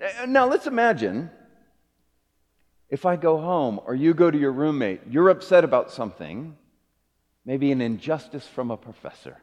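A middle-aged man preaching a sermon as a pastor, earnest, rising to emphatic peaks and dropping to soft low phrases. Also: big pitch swings, normal speed. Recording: long hall reverb.

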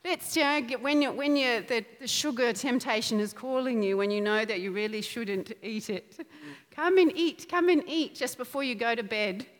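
A woman with a slightly high voice preaches at a moderate pace, animated and emphatic, laughing often. Her words ring out through an echoey hall.

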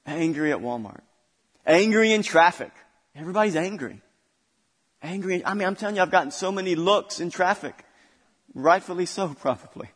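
A man delivers a sermon as pastor, his voice sitting a little high. He drives his points home by repeating phrases with growing force. The sound rings out in a hall with a long echo. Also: animated, a little fast, fairly bright tone, slightly rough. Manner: preaching with rising intensity and repetition.

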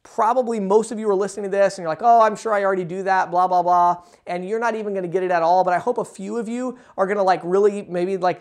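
A man's voice: high-pitched, darkish tone. A man hosts a podcast and delivers business advice as a casual, off-the-cuff monologue. He is blunt and persuasive, with plenty of fillers. He keeps slipping into mocking quotes of what his listeners might say. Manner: mimics listeners in quoted asides.

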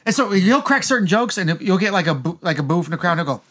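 A man's voice: high voice, very animated, fast, fairly bright tone. A man in casual chat who talks eagerly and asks his co-hosts a lot of questions. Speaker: podcast co-host.

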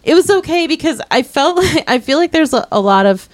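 A woman's voice: high voice, lively intonation, fairly quick, no echo. A young woman co-hosting a podcast, chatting casually about a movie in a wry, teasing way. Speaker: podcast co-host. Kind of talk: casual movie review chat.

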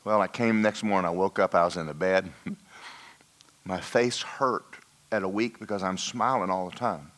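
A man preaching a sermon in a church, telling a personal story and dropping to a hushed voice for emphasis. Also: low-pitched, normal speed. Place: church hall.

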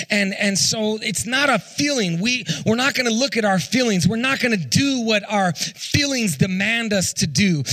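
A high-pitched, somewhat bright male voice belongs to a pastor in his thirties giving a sermon. His delivery is full of stumbles and repeated words, and he regularly directs questions at the congregation.

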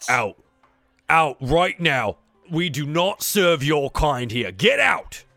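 Gruff, hostile innkeeper figure, clipped and wary, with a bright, lively voice, played by a man. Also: medium pitch, very slow, no echo, faint music behind, full character voice. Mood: angry. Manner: curt, wary, turns harsh. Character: gruff male tavern keeper, hostile to demons.

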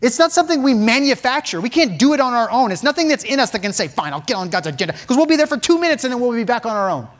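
A man's voice: extremely high pitch, expressive, racing, few pauses. A man preaching a sermon in a church, impassioned, with repeated phrases and many restarts. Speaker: pastor.

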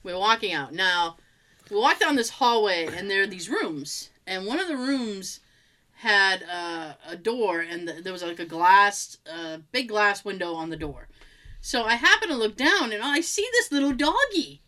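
A woman's voice: mid-range voice, expressive, a little slow, bright, forceful tone. A woman hosting a podcast, telling stories in a loose, rambling way with frequent laughter. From United States. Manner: chatty storyteller, laughs often, loose rambling restarts. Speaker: podcast host. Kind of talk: casual chat.

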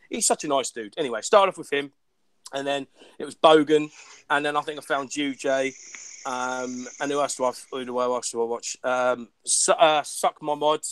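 A young Englishman with a high, bright voice chats casually, full of laughter and self-mockery. The recording is close and dry, with no room around him. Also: dry recording. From England. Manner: animated, laughing, self-mocking about his own common speech. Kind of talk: casual chat.

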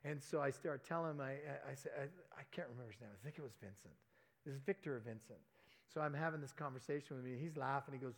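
A man's voice: medium pitch, fast talker. A man preaching by telling a personal story, chatty and anecdotal, with self-deprecating asides. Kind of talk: sermon storytelling.

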